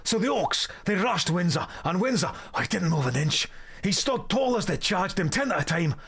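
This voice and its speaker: Man doing a Scottish dwarf, rambling yarn-spinner, raised pitch, rolling brogue, folksy game character. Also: sing-song, normal speed, fairly bright tone, husky, exaggerated voice. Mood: boastful. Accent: put-on Scottish. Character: boastful rambling male dwarf storyteller. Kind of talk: reading game quest dialogue aloud.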